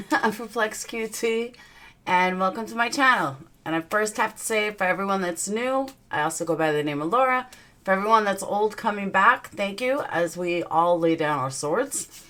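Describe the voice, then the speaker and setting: A woman's voice: medium pitch, animated, normal speed, pushed and bright. A young woman with a Southern US accent, hosting a casual livestream and greeting her viewers one by one in an upbeat way. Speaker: livestream host.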